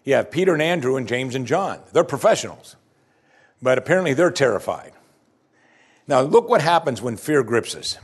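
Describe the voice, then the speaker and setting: A man's voice: mid-range voice, lively intonation, moderate pace, slightly rough. A male pastor giving an expository sermon full of rhetorical questions.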